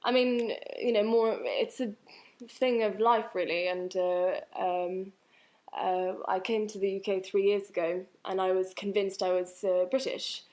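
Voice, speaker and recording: A young woman raised in France, a guest on a radio interview, talking casually with many pauses and fillers. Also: medium pitch, fairly even intonation, darkish tone. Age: young adult. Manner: hesitant, many fillers, laughs often. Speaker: actress guest.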